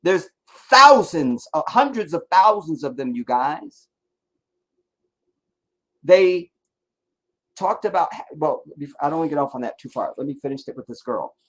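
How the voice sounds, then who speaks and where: A man's voice: on the high side, big pitch swings, measured pace, long pauses, a bit bright. Profane, rambling male streamer. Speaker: livestream host. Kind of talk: casual livestream commentary.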